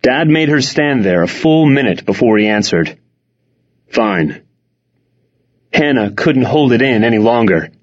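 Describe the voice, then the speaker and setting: A man reading first-person audiobook narration in a wry, expressive way. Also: medium pitch, moderate pace, hardly any pauses. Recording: dull lo-fi recording.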